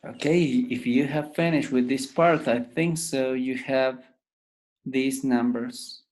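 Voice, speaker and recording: Slow, patient male English teacher. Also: mid-range voice, steady tone, a little mellow. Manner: repeats each word slowly to drill pronunciation. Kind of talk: pronunciation lesson.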